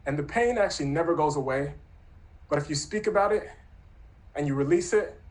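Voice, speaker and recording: A man in his thirties tells a true story from his own life, speaking earnestly and reflectively. His voice sits a little high for a man, and his delivery stays soft and unhurried. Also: poor audio. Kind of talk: personal storytelling.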